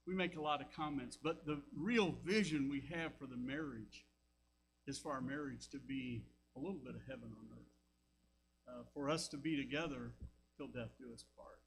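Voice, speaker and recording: Older Southern pastor telling folksy stories. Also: male voice, medium pitch, moderate pace, noisy background. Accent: Southern American. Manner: folksy storytelling with asides. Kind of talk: sermon. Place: church sanctuary.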